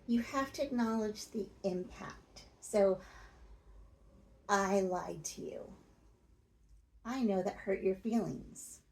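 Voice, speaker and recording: Slow, gravelly-voiced woman giving advice. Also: mid-range voice, dark tone, poor audio. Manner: plain-spoken, coaching, reassuring. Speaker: self-help video host. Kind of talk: advice monologue to camera.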